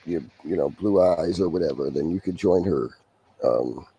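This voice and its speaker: Low, husky, mellow man, Massachusetts accent, dry halting delivery. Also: low-quality recording. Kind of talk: casual banter.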